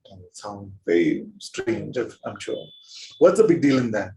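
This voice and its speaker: A man giving a spiritual talk to a gathering as its teacher, gently playful, chuckling often and prodding listeners with rhetorical questions. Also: lowish voice, big pitch swings, measured pace, slight background noise, rough recording.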